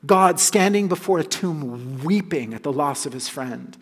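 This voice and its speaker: A man preaching a sermon, earnest and emphatic, dropping soft on key phrases. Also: fairly high pitch, expressive, unhurried, slightly rough, long reverb tail. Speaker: pastor.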